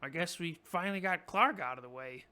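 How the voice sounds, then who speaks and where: A crude, gloating goblin chief, as a man puts him on, pitched a little high with a bright, cutting edge. He sounds sly and pleased with himself, in a tabletop game. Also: fairly quick. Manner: gleeful, crude and boastful. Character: sly male goblin tribal leader.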